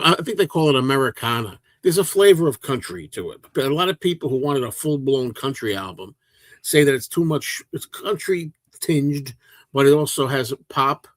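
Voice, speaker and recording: A man's voice: mid-range voice, a bit bright, dry recording. An older man hosting a livestream, chatting casually and rambling through viewer questions with lots of restarts. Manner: rambling, with frequent restarts and fillers. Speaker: livestream host.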